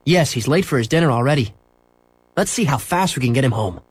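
A man reading a storybook aloud and voicing a calm, kindly policeman who teases gently. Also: medium pitch, brisk, breathy edge, no room sound. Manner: dryly teasing.

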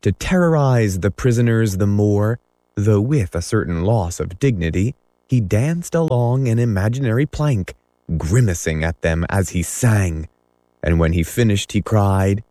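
A man narrating a classic story as an audiobook, measured and dramatic. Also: fairly low pitch, lively intonation, dark tone, dry recording. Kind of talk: audiobook reading.

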